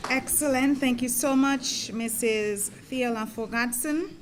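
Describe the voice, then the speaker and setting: A woman's voice: on the high side, slow, heavy background noise. A woman emceeing a ceremony, thanking the speaker and announcing the next item. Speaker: master of ceremonies.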